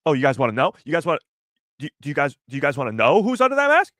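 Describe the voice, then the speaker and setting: A man's voice: fairly high pitch, a bit bright, no room sound, studio quality. A young man hosting a casual live stream, talking to his chat in a playful, teasing way and piling up rhetorical questions.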